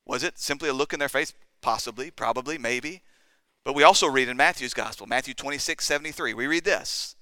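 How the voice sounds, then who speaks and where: A man preaches, his voice bright, forceful and smooth. He talks in an earnest way, acting out quotes and building to emphatic peaks. The sound is close and dry, with no room around it. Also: mid-range voice, fairly quick, no room sound. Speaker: pastor. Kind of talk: sermon.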